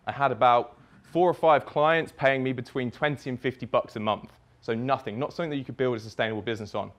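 A man's voice: medium pitch, quick pace. A young man telling a personal story in the present tense as a speaker at a summit, swearing freely. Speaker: speaker at a fitness business summit. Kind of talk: storytelling keynote talk.

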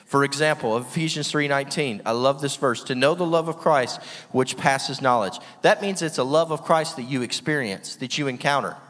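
A man with a mid-range, slightly bright voice preaches at a moderate pace with few pauses. As guest preacher, he speaks energetically and emphatically, laughs often, and asks rhetorical questions of listeners in a church hall with long reverb.

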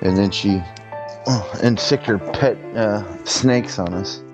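A man playing a tabletop game, talking casually and haltingly over background music. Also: lowish voice. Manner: halting, with fillers and restarts. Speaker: player.

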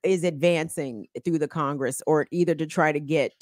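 A woman's voice: sits low, fairly even intonation, moderate pace, darkish tone, no room sound, clean studio sound. A woman from the Baltimore area who talks bluntly and with lots of energy, swearing freely, as a guest in a casual conversation.

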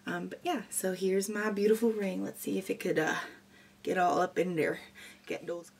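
A woman's voice: mid-range voice, steady tone, normal speed, creaky, darkish tone, slightly rough. A young woman chatting casually and goofily while doing a makeup tutorial. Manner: goofy, chatty and rambling. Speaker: beauty vlogger.

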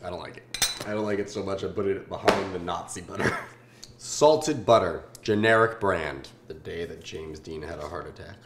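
A man in his twenties from Southern California hosting a casual food-tasting vlog, joking and swearing in deadpan asides. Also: low-pitched, normal speed, roomy sound, a little hiss or hum. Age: 20s.

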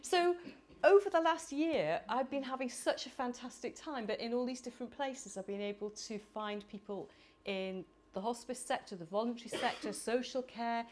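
A middle-aged woman from the United Kingdom speaking at a conference, animated and chatty with laughing asides. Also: fairly high pitch, moderate pace, hardly any pauses, a little hiss or hum. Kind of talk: conference talk. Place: conference hall.

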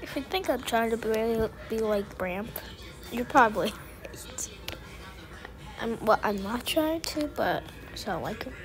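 A woman's voice: a little high, lively intonation, unhurried, long pauses, music in the background. A woman giving casual gaming commentary, giggling often and squealing when startled. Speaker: gamer.

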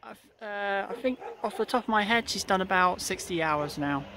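A balloon retrieve driver giving a casual running commentary outdoors, explaining each step with frequent pauses. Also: mid-range voice, expressive, sharp tone. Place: outdoors in a field and by a car.

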